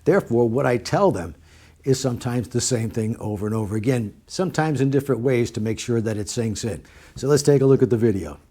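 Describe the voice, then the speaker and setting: Middle-aged male riding instructor, casual and direct, leans on repetition, dark relaxed tone. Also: medium pitch, fairly quick, breathy edge. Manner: plain-spoken, repeats points for emphasis. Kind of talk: casual talk to camera.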